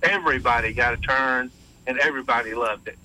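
A man's voice: mid-range voice, fairly quick, pushed and bright, rough recording. A middle-aged man calling in to a radio show, upbeat and rambling with many fillers. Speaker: caller. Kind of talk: casual call-in chat.

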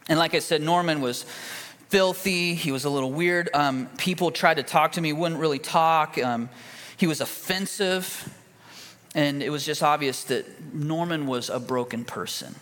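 A man's voice: a little high, normal speed, a bit bright. A man preaching a sermon as a pastor, telling a story in a folksy, conversational way with fillers and restarts. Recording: long reverb of a church hall.

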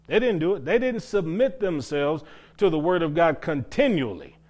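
A man's voice: on the high side, very animated, normal speed, a little mellow. A man preaching a sermon as pastor, asking rhetorical questions and stretching out key phrases for emphasis.

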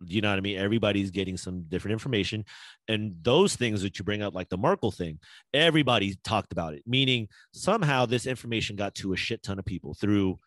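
A man's voice: lowish voice, fast, fairly bright tone, no echo. A man in casual chat, ranting with heavy profanity. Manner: profane, heated rants.

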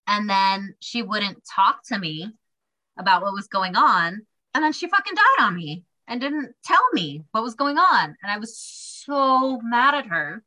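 A young woman co-hosting a podcast, telling a family story in casual chat with a sarcastic, animated delivery. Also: medium pitch, unhurried, rough recording. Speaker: podcast co-host.

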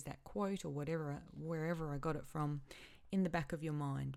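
A grieving woman talks alone into her podcast mic, her voice low and unhurried. She stops and repeats herself often as she searches for words. It is a personal, unscripted monologue. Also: steady tone, gravelly, darkish tone. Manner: halting, emotional, repeats herself. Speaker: podcast host.

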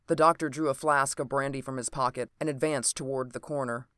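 A narrator reading an old adventure novel aloud in a steady, even storytelling manner. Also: mid-range voice, a little fast, hardly any pauses, no room sound, studio quality.

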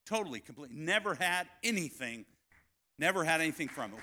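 Bright-voiced man preaching with fervor. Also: on the high side, brisk, a faint crowd. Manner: animated, swings from shouting to hushed storytelling. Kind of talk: sermon with personal story.

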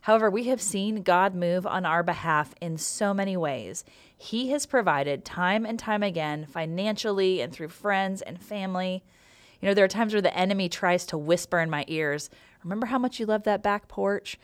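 A woman's voice: fairly low pitch, moderate pace. A middle-aged woman co-hosting a faith podcast, telling a personal story with playful humor. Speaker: podcast co-host.

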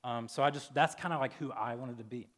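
A man in his thirties, a pastor giving a casual, chatty sermon full of "like" and "um", breaking into loud, lively retellings. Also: fairly quick. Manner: chatty, filler-heavy, jumps loud and high in animated retellings.

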